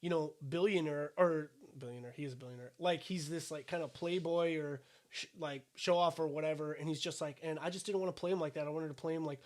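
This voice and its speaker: A man co-hosting a podcast in casual chat, blunt and quick to argue, swearing freely. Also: high-pitched. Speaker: podcast co-host.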